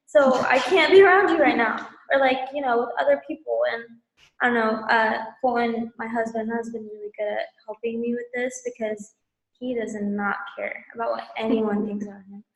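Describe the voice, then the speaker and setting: Brief: woman, slightly high, gravelly voice, hesitant, filler-heavy sharing, echoey room. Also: steady tone, moderate pace. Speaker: support group member. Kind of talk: personal sharing. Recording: roomy echo.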